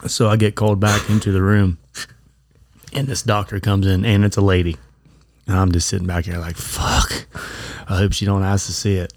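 A man's voice: on the low side, dry recording, studio quality. Crude, blunt man telling a story. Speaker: podcast co-host. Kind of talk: casual storytelling chat. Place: bar.

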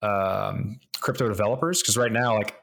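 Man, low voice, podcast co-host, explanatory, casual. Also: normal speed, creaky, a bit bright. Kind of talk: casual roundtable chat.

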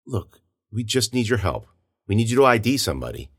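A man's voice: on the low side, big pitch swings, brisk, breathy edge, pitched above the performer's own voice. Man playing a terse, commanding investigator. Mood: firm. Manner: terse, matter-of-fact. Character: blunt male investigator, calm and commanding.

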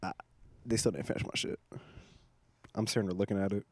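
A young man hosting a casual chat, telling animated, profane stories with plenty of laughs. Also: on the low side, a little fast. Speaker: podcast host.

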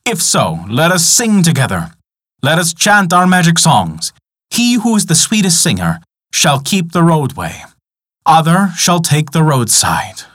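A man's voice: fairly high pitch, huge pitch swings, measured pace, fairly bright tone, full character voice. A man voicing a young, boastful wizard who sneers and brags in a folk tale. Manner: brash and bragging.

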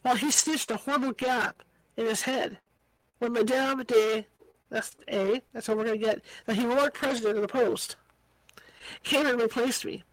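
A woman's voice: a little high, steady tone, moderate pace, dry recording, low-quality recording. A woman reading a book aloud as an amateur reader, tripping over hard words and slipping in casual asides. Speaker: audiobook reader.

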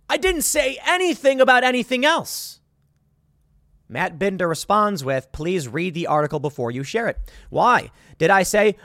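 Lively sarcastic male commentator. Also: sits high, normal speed, no room sound, studio quality. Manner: sarcastic, exasperated, rambling with restarts. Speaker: commentary show host. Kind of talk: opinion commentary monologue.

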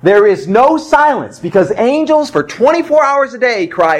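High-voiced pastor preaching with fervor. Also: male voice, sing-song, normal speed, hardly any pauses. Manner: swings from loud emphatic cries to low quiet asides. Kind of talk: sermon.

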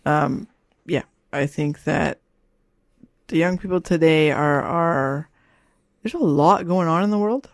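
A woman's voice: deep voice, takes it slowly, no echo, clean studio sound. A middle-aged woman, an author and parent, talking casually in an interview with a rambling manner that keeps checking in with "you know" and "right?".

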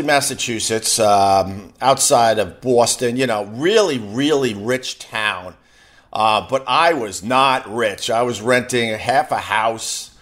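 A middle-aged radio host from Long Island, New York, with a Long Island accent tells stories on air in a rambling, chatty, self-deprecating way. His voice is mid-range and a bit bright.

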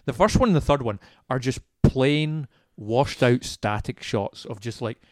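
A man's voice: medium pitch, a little slow, a little mellow, dry recording, studio quality. A man co-hosting a casual film review podcast, talking in a blunt, sweary, scoffing way. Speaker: podcast co-host.

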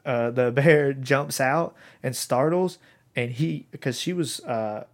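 Speaking slowly in a medium pitch, a thirtysomething man co-hosts a podcast. He chats casually and rambles, often using fillers and restarting his sentences.

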